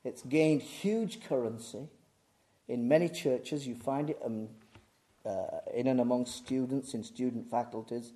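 A man preaching a sermon, swinging from booming emphasis to hushed, intense delivery. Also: a little slow.

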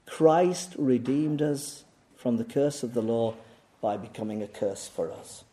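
A man preaching a sermon, emphatic and insistent, repeating key words and putting rhetorical questions to the congregation, moving between raised urgency and quiet asides. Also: mid-range voice, a little slow.

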